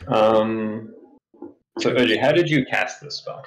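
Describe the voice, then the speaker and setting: A man's voice: on the low side, a little slow, a little hiss or hum, low-quality recording. A man running a tabletop game as game master, asking his players dry, probing questions.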